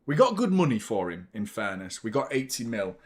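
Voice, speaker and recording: A man's voice: fairly low pitch, very animated, fairly quick, darkish tone, slightly rough. A man hosting a live football watchalong, commenting on the match, chatting to viewers and swearing freely. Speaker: host of a football watchalong stream.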